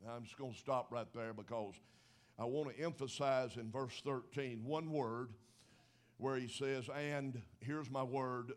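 A man's voice: medium pitch, unhurried. Folksy preacher man. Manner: folksy preaching, building to emphatic rises. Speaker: pastor. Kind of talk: sermon.

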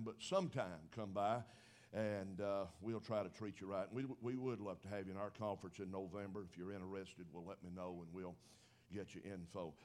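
A man preaching a sermon in a folksy, conversational way, growing emphatic as he goes. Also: lowish voice. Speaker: pastor.

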